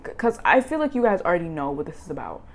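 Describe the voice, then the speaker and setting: Excitable young woman reading tarot. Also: fairly low pitch, quick pace. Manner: excitable, emphatic, repeats herself. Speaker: tarot reader.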